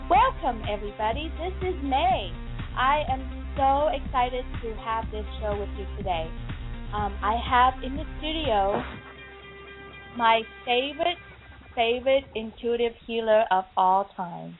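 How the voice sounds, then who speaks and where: A woman's voice: on the high side, animated, a little slow, soft background music. A woman hosting a talk show, gushing and effusive, laughing often as she chats. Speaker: podcast host. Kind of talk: casual chat. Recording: tinny phone-like call audio.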